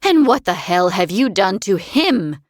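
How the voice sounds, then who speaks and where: A woman voicing a sour, vicious old female crone in an audiobook, speaking in a sharp, scolding and sarcastic way. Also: medium pitch, very animated, a little slow, no room sound, clean studio sound. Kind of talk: audiobook character voice.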